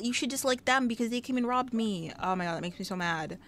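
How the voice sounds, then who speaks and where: A woman giving casual, sassy Let's Play commentary, scolding the characters in her game out loud, recorded on a headset mic. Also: on the high side, fast talker, hardly any pauses. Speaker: gaming YouTuber.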